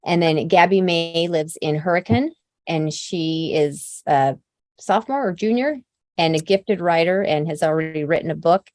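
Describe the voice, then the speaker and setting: Recorded in clean studio sound with no room sound, this woman has a lowish, darkish voice at a normal speed. The Idaho, USA, company founder speaks casually and upbeat to her new team via video call, working through long lists heavy with fillers and admitting openly that she tears up easily.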